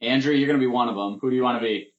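A man's voice: medium pitch, racing. A man competing in a casual trivia game, teasing and joking with his teammates. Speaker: contestant. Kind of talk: casual banter. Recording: roomy, dull lo-fi sound.

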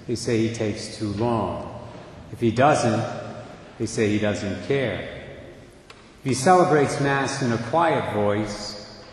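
An older man, a priest, preaching a homily in a measured, deliberate way with a wry touch. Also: mid-range voice, slight background noise. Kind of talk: sermon. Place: church. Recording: echoey church with long reverb.

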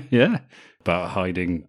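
A man co-hosts a casual film podcast, bantering crudely and laughing often as he recaps scenes. His voice is low and sing-song, and he speaks at a slow pace.

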